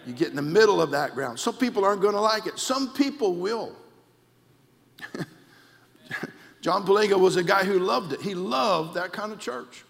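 A male pastor, preaching a sermon with shouted emphasis and telling comic anecdotes. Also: high-pitched, lively intonation, normal speed, gravelly, long pauses. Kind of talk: sermon with storytelling. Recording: long hall reverb.

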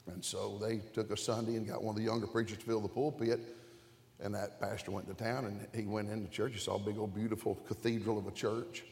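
A man's voice: fairly low pitch, fairly even intonation, brisk. A man preaching a sermon, telling folksy jokes and stories. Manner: folksy, jokey storytelling. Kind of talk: storytelling sermon. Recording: echoey church hall.

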